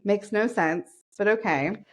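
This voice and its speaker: A woman's voice: mid-range voice, a little slow. A woman from the United States co-hosting a casual podcast, swearing freely and telling stories with loose, joking energy. Her voice sits in a middle register for a woman. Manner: profane, joking, animated storytelling. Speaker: podcast co-host. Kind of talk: casual chat.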